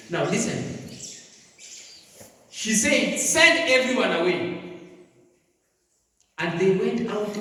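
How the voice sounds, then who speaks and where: A man preaching to a youth seminar, emphatic, moving between loud bursts and quiet asides. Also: fairly high pitch. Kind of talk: sermon. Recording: echoey hall, from far off.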